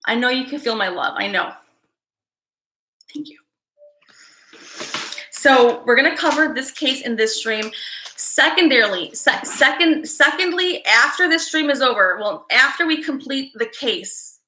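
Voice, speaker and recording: Bright-voiced emotional woman streamer. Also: sits high, lively intonation, measured pace, pauses often, roomy sound, slight background noise, rough recording. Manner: emotional, rambling, with frequent sighs and restarts. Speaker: psychic tarot reader hosting a live stream. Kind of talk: casual live-stream talk to viewers.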